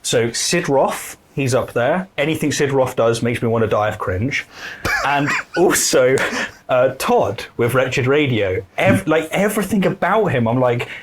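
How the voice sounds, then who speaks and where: Animated laughing man from the UK. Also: mid-range voice, unhurried, a little hiss or hum. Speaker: podcast co-host. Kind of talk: casual chat.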